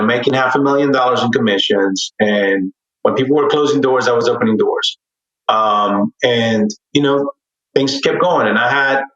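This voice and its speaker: A middle-aged man telling his own story as a podcast guest, earnest and candid, animated as he relives it. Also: medium pitch. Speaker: podcast guest, real estate investor. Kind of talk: personal storytelling in a podcast interview. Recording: dull, roomy sound, distant from mic.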